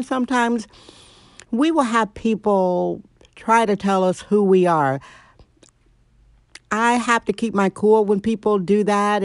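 A woman's voice: medium pitch, dry recording, clean studio sound. A middle-aged woman hosting her own show, ranting bluntly and sarcastically at home. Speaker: podcast host. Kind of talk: opinionated solo monologue.

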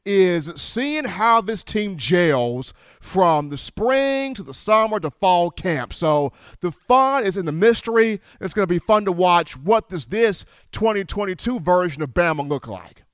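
Energetic male sports talk host, smooth, high voice, dry studio sound. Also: unhurried, no echo. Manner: upbeat, enthusiastic. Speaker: radio show host.

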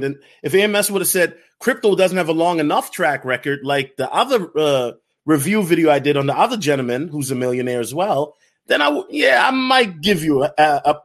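Reaction-channel host, man, animated slang talker, somewhat high voice. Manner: animated, slangy, repeats himself, calls others dog. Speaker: crypto YouTuber reacting to a video. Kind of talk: casual reaction commentary.

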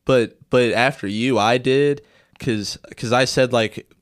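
A man's voice: medium pitch, slow, no room sound, studio quality. A man, a comedian, telling a story in casual podcast chat, rambling with many restarts. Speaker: comedian guest.

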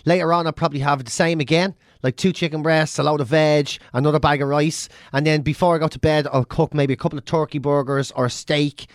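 An Irish man trades banter on a podcast, cursing through nearly every sentence and acting out sounds for effect. His voice sits on the high side for a man. The recording is dry and close, with no room sound. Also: fast talker, few pauses, no room sound. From Ireland. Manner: swears constantly, animated rants with mimicked drum sounds. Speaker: podcast co-host. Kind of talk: casual chat.

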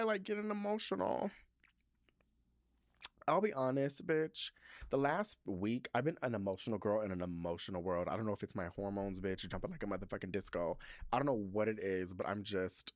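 A man's voice: mid-range voice, no echo, studio quality. A young man hosting his own podcast, chatting casually and sassily with lots of playful swearing and asides. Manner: sassy, expressive, frequent swearing and playful asides. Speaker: podcast host. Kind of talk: casual solo podcast chat reading listener reviews.

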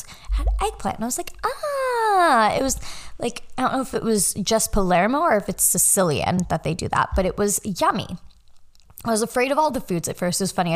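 A young woman hosting a podcast, chatting casually on her own in a rambling, easily sidetracked way with lots of fillers. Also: mid-range voice. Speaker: podcast host. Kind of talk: casual solo chat.

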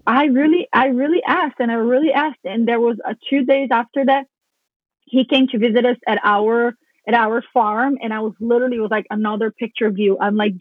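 A woman talking casually on a podcast, telling a story with lively energy and casual swearing. She acts out her own past thoughts as she goes. Her voice comes through a thin, phone-like line with a dry sound and a slightly high pitch. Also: dry recording. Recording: phone-like narrow band, dry.

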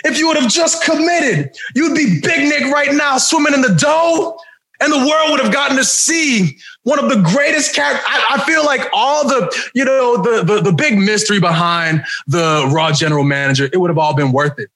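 A man co-hosting a podcast, excitable and teasing, often laughing and shouting in casual chat. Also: sits high, moderate pace, few pauses. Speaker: podcast co-host. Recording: echoey room.

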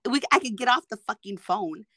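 A woman co-hosting a podcast, telling a crude story in casual chat with lots of swearing and a hoarse voice. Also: fairly high pitch, animated, a little fast, pushed and bright, no echo, studio quality. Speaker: podcast co-host.

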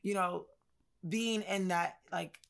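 A woman's voice: mid-range voice, steady tone, slow, vocal fry. A woman co-hosting a podcast, telling a personal story in a casual, reflective way with slang and plenty of fillers. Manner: reflective, conversational, uses slang and many fillers. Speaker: podcast co-host.

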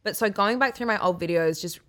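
A woman's voice: medium pitch, fairly quick, a bit bright. A young woman co-hosting a podcast, talking candidly and animatedly in casual chat, often mocking herself. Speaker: podcast co-host.

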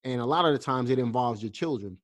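A podcast host with a medium-pitched voice talks quickly during a casual interview. He sounds earnest and encouraging, with frequent fillers and restarts.

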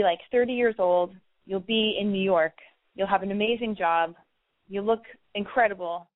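A woman's voice: mid-range voice, dry recording, phone-quality sound. Brash woman hosting a call-in advice show. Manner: brash, joking, acts out scenes. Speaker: radio advice host.

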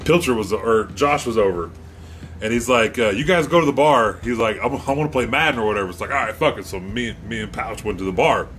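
A man with a lowish voice tells a story fast and casually, swearing a lot and acting out the voices of the people in it. There's slight background noise.

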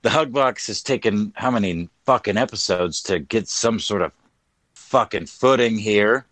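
Man, low voice, dry close sound, crude jokes, casual podcast banter. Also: normal speed, a bit bright, no echo. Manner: crude, joking, self-mocking. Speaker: podcast co-host. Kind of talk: casual profane chat.

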